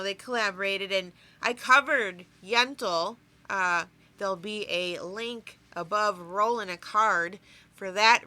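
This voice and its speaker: A woman's voice: mid-range voice, sharp tone. A woman co-hosting a reaction video, chatting casually and getting emotional about what she watches. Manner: emotional, gushing. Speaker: co-host guest.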